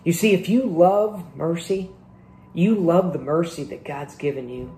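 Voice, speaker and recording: A man's voice: fairly high pitch, measured pace, dark tone, a little hiss or hum. A male pastor preaching a sermon in a conversational way, with rhetorical questions, in a church hall. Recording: echoey room.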